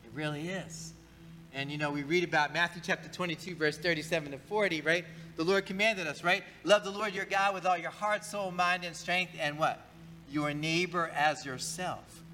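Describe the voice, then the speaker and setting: A man's voice: fairly high pitch, pushed and bright, low-quality recording. A male pastor preaching a conversational sermon in church, talking casually, often repeating words and asking the congregation questions.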